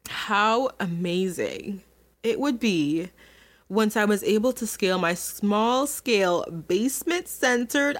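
A young adult woman hosting a podcast, telling a personal story to her listeners in a candid, emotional way, with many fillers and restarts. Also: medium pitch. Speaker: podcast host.

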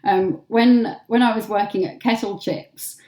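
A woman's voice: medium pitch, fairly even intonation, measured pace, darkish tone, echoey room. An English woman telling stories as an interview guest, chatty and full of filler words. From England. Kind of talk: casual storytelling.

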